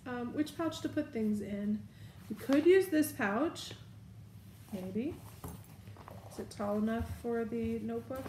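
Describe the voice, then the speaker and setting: A woman's voice: a little high, slow, pauses often, mellow, echoey room, slight background noise. A woman chatting casually as she packs her bag, thinking aloud. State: has the hiccups. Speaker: vlogger. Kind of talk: casual show-and-tell.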